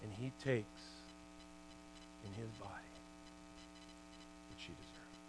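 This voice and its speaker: A middle-aged man giving a sermon testimony in a church, an animated storyteller who swings from loud bursts to hushed asides. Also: on the low side, takes it slowly, background noise. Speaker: guest preacher, former hockey player.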